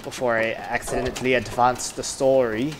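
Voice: mid-range voice, flat delivery, normal speed, noisy background. A game streamer giving casual let's-play commentary, chatting and muttering asides to themself and the viewers. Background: game music.

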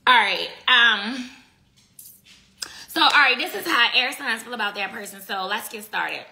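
A woman's voice: fairly high pitch, animated, unhurried, vocal fry, pushed and bright, a little hiss or hum. A woman giving a casual live tarot reading, blunt and profane, chatting with her viewers between cards. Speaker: tarot reader.

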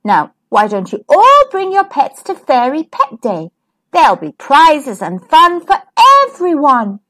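A woman's voice: high-pitched, sing-song, unhurried, a bit bright, exaggerated voice. A woman voicing a kindly fairy godmother in a children's storybook, chanting rhyming spells in a sing-song way. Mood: inviting.

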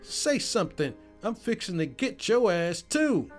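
A man's voice: high-pitched, sing-song, measured pace, soft background music, pitched above the performer's own voice. A man voicing a fierce, furious middle-aged mother who scolds and threatens with cussing. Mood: angry.

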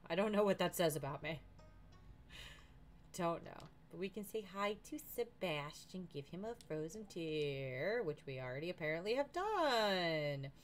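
A woman's voice: lowish voice, very animated, unhurried, soft background music. A woman streamer giving casual, chatty commentary while playing a farming game, often talking to the characters.

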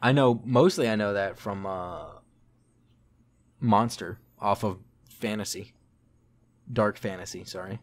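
Low-voiced young man musing on music. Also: measured pace, long pauses. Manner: rambling, searching for names, many fillers. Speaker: podcast co-host. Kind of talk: casual music discussion.

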